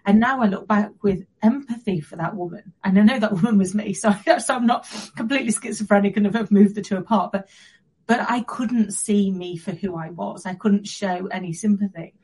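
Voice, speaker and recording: Earnest woman guest with a warm, raspy tone, speaking reflectively. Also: medium pitch, poor audio. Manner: earnest and reflective, with soft pauses. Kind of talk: personal story in an interview.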